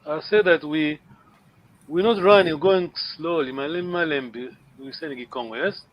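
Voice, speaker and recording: A man teaching a language class online, speaking haltingly, repeating words and checking in with his students. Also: on the high side. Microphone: video call. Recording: lo-fi online call audio.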